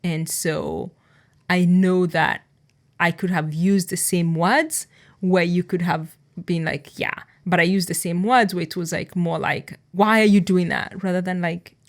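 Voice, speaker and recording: A woman with a fairly low voice talks openly and agreeably with her partner. She sounds like a podcast co-host thinking out loud about how she speaks to him. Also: steady tone, a little slow. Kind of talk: reflective conversation with partner.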